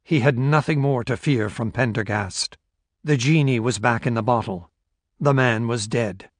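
A man with a mid-range voice narrates a novel aloud for an audiobook, keeping a measured, even storytelling manner. The studio sound is clean, with no room sound.

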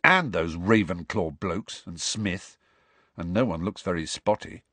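A man's voice: deep voice, a little slow, fairly bright tone, husky, no room sound, exaggerated voice. A man voicing an eager, blunt teenage schoolboy in an audiobook. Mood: offhand. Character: excitable gangly teenage schoolboy. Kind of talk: audiobook character voice.

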